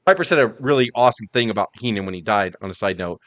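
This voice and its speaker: A man's voice: lowish voice, racing, dry recording. A man casually retelling stories as a podcast host, cursing freely. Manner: profane, animated storytelling. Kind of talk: casual chat.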